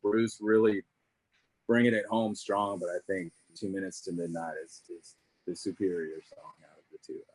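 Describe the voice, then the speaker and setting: A man, a guest musician, talking in casual chat, relaxed and full of "you know" and "man". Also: low voice, moderate pace, no room sound.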